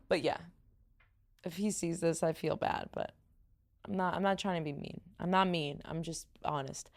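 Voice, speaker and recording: A young woman hosting her own podcast in casual, chatty talk. Her voice sits a bit deep, with some vocal fry, and she runs on with fillers and asides. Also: steady tone, moderate pace. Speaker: podcast host. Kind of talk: casual chat.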